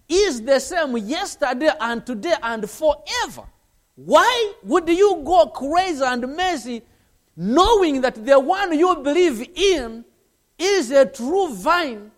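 High-voiced man preaching slowly. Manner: earnest, repetitive preaching with anecdotes. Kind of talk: sermon.

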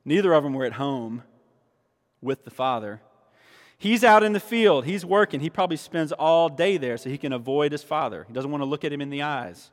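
A man's voice: on the high side, brisk. Man preaching in an echoing hall. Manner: animated, emphatic preaching with restarts. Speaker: pastor. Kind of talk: sermon. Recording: long reverb of a large hall.

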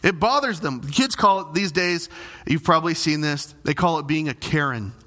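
Middle-aged pastor guy preaching, high bright voice, really animated and dramatic. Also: moderate pace. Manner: animated, dramatic preaching with big pitch swings. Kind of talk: sermon.

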